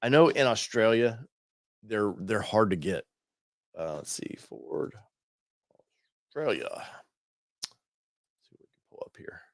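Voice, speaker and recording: A man's voice: lowish voice, sing-song, measured pace, long pauses, no echo, clean studio sound. A man hosting an automotive channel, talking casually and thinking aloud while he browses a website, with many fillers and restarts.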